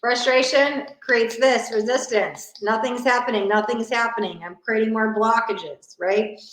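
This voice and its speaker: A woman's voice: fairly high pitch, fairly even intonation, measured pace, a bit bright. A woman money mindset coach giving a casual live masterclass talk, chatty and full of "like" fillers, in a sparsely furnished new home. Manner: chatty, frequent "like" fillers and restarts. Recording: echoey empty room.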